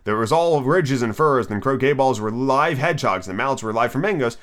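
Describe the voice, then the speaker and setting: A man's voice: mid-range voice, lively intonation, a little fast, a bit bright. A man casually reading a children's classic aloud on his podcast, stumbling over words and restarting lines. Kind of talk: casual storybook read-aloud.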